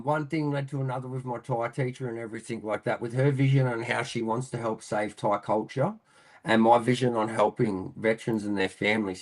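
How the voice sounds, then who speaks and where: A man's voice: on the low side, rough recording. A man with an Australian accent, in his thirties, talking through a casual interview, rambling with lots of fillers, calling the host mate and bro, and swearing now and then. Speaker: interview guest, army veteran.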